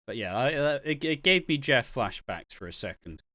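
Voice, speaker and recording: A man chats through a soap opera recap, laughing easily and often restarting his sentences. His voice sits at an ordinary middle pitch. The sound is dry and close. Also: sing-song, moderate pace, sharp tone, no echo. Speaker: podcast co-host.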